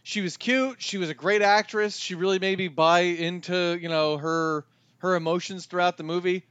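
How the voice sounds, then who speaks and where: Easygoing high-voiced man co-host. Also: steady tone, moderate pace, fairly bright tone, smooth, dry recording, dull audio. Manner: easygoing, casual recounting with frequent fillers. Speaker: podcast co-host. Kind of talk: casual chat.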